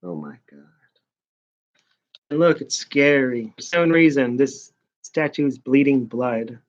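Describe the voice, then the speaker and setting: A man recapping comic stories in a casual, mocking way, with deadpan asides as he rambles. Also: medium pitch, takes it slowly, lo-fi sound. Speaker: comic book reviewer.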